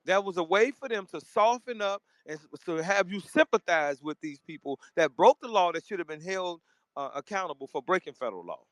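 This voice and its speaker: A man from Memphis hosting a live online audio discussion, talking forcefully and repeating words as he cuts in to correct others. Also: sits high, expressive, a little fast, no room sound. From Memphis, Tennessee. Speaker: host of a live audio room.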